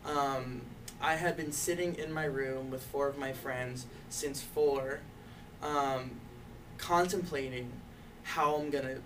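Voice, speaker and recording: A man's voice: medium pitch, steady tone, slow pace. A young man telling his own coming-out story in a casual way, full of "like" and "you know" and light laughs. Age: young adult. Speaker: youth activist intern. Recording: distant mic, faint background noise.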